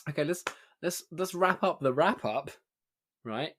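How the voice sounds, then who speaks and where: A man's voice: fairly high pitch, animated, slow, fairly bright tone, slight background noise. Laughing, swearing young Englishman. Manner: laughs often, swears freely, rambling. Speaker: podcast co-host. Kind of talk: casual chat.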